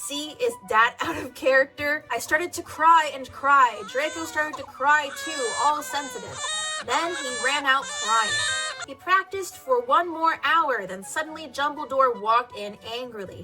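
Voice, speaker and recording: High-voiced young woman reading with sarcastic asides. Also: unhurried, music in the background. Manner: theatrical, laughing asides, sarcastic commentary. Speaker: reader. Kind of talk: comedic dramatic reading of fan fiction.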